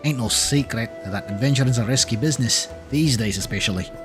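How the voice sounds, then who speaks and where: A man voicing a chatty, worldly male sea traveler from a game, with a gruff, drawling put-on accent. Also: medium pitch, a little slow, close to an everyday voice. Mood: friendly. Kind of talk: reading game dialogue aloud in character. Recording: game music clearly behind. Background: game music.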